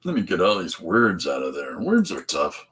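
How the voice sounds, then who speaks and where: A man's voice: low voice, wildly swooping pitch, moderate pace, fairly bright tone, breathy edge, low-quality recording. A man hosting a live stream, chatting loosely and joking while he draws comics. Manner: joking, meandering, lots of restarts. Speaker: host drawing comics on a stream. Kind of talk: rambling live-stream chat while drawing.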